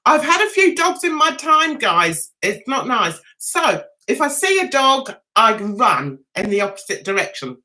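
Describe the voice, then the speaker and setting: Chatty woman livestreaming, lively high voice. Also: a little slow, few pauses. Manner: chatty, self-mocking, greets viewers by name. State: recovering from a throat cold. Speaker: livestream host. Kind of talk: casual live chat.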